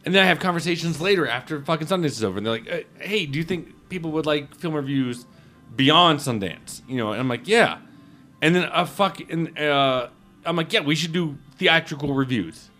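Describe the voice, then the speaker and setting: A man chatting casually on a podcast, his voice sitting a little high for a man. He stammers, repeats himself and swears freely as he gets emotional. Faint music plays underneath. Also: lively intonation, fairly quick, bright, forceful tone. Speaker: film critic guest.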